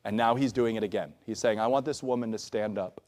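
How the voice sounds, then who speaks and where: A man's voice: fairly low pitch, a little fast, darkish tone. A male pastor preaching a conversational sermon, checking in with "all right?" asides. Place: church sanctuary.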